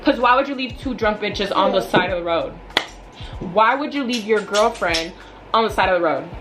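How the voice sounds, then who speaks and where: A woman in her twenties telling a storytime vlog in a chatty, animated way, full of "like" and asides. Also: mid-range voice, moderate pace, music in the background, low-quality recording. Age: 20s. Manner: animated, chatty, filler-heavy. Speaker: vlogger. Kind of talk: casual storytime.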